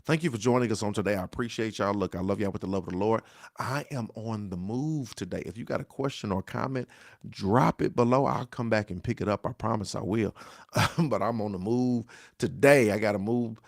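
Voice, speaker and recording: A man's voice: on the low side, brisk, vocal fry, no echo, clean studio sound. A middle-aged man, a pastor, giving a devotional talk on grief in a repetitive, exhorting preacher cadence, often asking "right?". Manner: exhorting, call-and-response.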